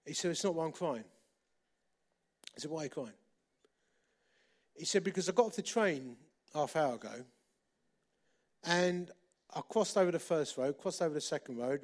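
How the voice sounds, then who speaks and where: Middle-aged male preacher, slightly high voice, storytelling sermon with loud and hushed turns. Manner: lively, repeats phrases for emphasis, shifts between loud and hushed.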